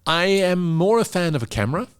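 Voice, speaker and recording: A middle-aged man, a pitch coach, explaining in an interview and demonstrating vocal emphasis. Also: very animated, brisk, smooth. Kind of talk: interview conversation.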